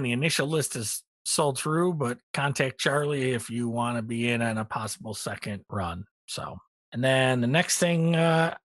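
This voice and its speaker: A middle-aged man co-hosting a casual hobby podcast, relaxed and rambling with many ums, a little tired. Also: mid-range voice, dry recording. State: tired, yawning. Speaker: podcast co-host. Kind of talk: casual hobby news chat.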